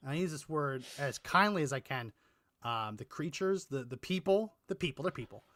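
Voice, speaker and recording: A man co-hosting a political talk show in a bright, fairly high-pitched voice. He meanders and restarts his sentences, with the odd chuckle. He is recorded on a close, completely dry mic. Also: lively intonation, normal speed, dry recording. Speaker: podcast co-host. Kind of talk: casual political chat.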